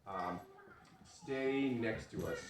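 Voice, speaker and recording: A male dog trainer gives an outdoor training demonstration in a lowish voice, speaking very slowly. He's relaxed and instructive, praising the dog, and the sound is roomy and distant with loud noise.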